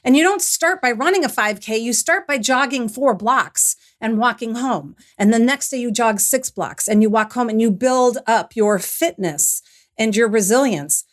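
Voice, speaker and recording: Speaking at a normal speed in a somewhat high voice, this middle-aged woman shares a personal story as an interview show guest. Her reflective telling becomes lively as she relives it, and she often starts sentences over.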